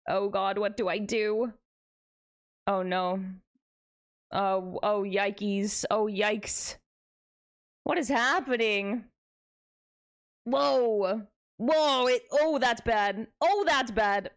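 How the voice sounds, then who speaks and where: Live streaming to her viewers, a young woman talks at a slow pace with a medium-pitched voice. Her casual chatter is playful and animated, punctuated by dramatic exclamations.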